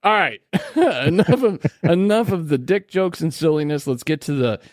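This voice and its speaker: A man's voice: on the high side, animated, normal speed, no room sound, studio quality. A man hosting a podcast in casual chat, joking and crude in his banter. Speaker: podcast host.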